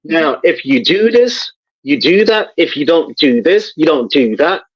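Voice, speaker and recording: Male guest, slightly high voice, measured and thoughtful, on a dry, muffled line. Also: expressive, slightly rough, no room sound. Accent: noted accent, admired by host. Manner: measured, thoughtful, repeats words while searching. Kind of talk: casual conversation.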